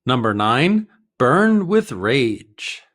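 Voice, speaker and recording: American man, English teacher, slow deliberate pace, animated pitch. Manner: slow, clear teaching delivery with short acted example dialogues. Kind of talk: vocabulary lesson with acted dialogues.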